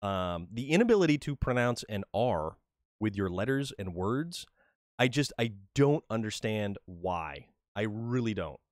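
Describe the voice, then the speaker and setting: Slow-talking man narrating gameplay. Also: lowish voice, sing-song, no echo, clean studio sound. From New England, USA. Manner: chatty and joking, repeats words when starting sentences. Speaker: livestream gamer. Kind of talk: casual gameplay commentary.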